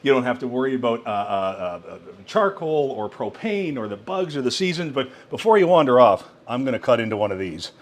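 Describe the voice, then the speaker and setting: A man's voice: mid-range voice, very animated, brisk, hardly any pauses. A man presenting a countertop cooker in a product demo, exclaiming with enthusiasm over the food. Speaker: product demonstrator.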